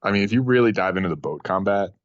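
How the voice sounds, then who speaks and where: A man's voice: on the low side, lively intonation, racing, dry recording. A man co-hosting a casual podcast chat, laid-back and quizzing the others. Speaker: podcast co-host. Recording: dull lo-fi recording.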